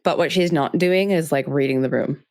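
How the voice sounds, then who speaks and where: A young adult woman co-hosting a casual podcast chat about a TV show, animated and laughing often. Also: low voice, normal speed, no room sound, clean studio sound. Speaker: podcast co-host.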